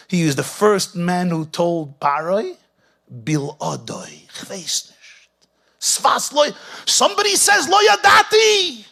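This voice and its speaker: Gravelly rabbi preaching with a lilt. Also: male voice, fairly high pitch. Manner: storytelling, swings from hushed to impassioned. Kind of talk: sermon.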